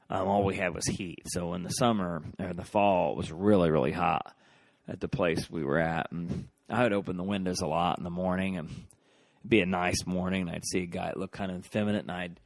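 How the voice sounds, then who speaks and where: Brief: deep-voiced male podcaster, rambling and sheepish, dry close sound. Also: vocal fry, dry recording. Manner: rambling, self-deprecating, many fillers. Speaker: podcast host. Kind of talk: casual solo reminiscing.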